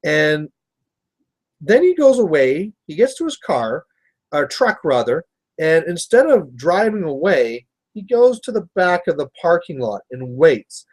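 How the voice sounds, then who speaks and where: Casual Canadian male streamer, rambling storyteller, slightly raised pitch. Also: big pitch swings, a little slow. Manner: rambling storyteller, chatty with viewers. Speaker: miniature painting livestream host. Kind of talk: casual chat while painting.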